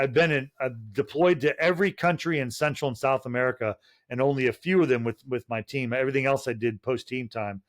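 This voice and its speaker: Profane middle-aged man telling war stories. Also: mid-range voice. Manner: profane, rambling anecdotes with many restarts. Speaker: guest, retired Special Forces officer. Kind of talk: casual podcast storytelling.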